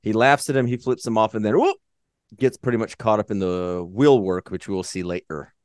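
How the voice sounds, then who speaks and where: A man's voice: lowish voice, no room sound, clean studio sound. A man co-hosting a podcast, chatting casually and profanely as he recaps a movie, laughing often. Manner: profane, excitable, quick asides, laughs a lot. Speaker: podcast co-host.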